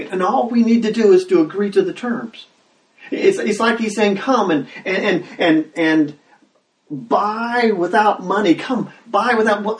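A man preaching a sermon as pastor, talking conversationally and breaking into loud acted exclamations. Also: high-pitched. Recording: roomy sound, mic at a distance.

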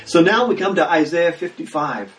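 A man preaching a sermon as pastor, talking conversationally and breaking into loud acted exclamations. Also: a little high, expressive, moderate pace, faint music behind. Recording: roomy sound, mic at a distance.

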